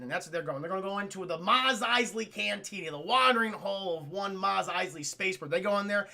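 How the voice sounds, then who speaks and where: Gravelly, high-voiced, swearing young streamer. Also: male voice, a little fast, hardly any pauses. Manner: animated, profane, addresses chat. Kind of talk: casual livestream movie retelling.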